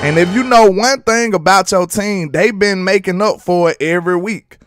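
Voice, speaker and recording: A young man, hosting a fan sports commentary livestream, animated and preachy, firing off rhetorical questions. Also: sits high, normal speed, no room sound, clean studio sound, soft background music. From Alabama, US.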